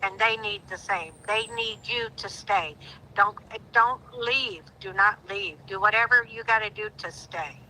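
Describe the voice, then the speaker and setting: A woman's voice: medium pitch, measured pace, bright, forceful tone, a little hiss or hum, low-quality recording. A woman in her sixties calling in to a live stream, talking earnestly and pleadingly, her voice rising sharply when she grows indignant. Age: 60s. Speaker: caller. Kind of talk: emotional call-in on a live stream.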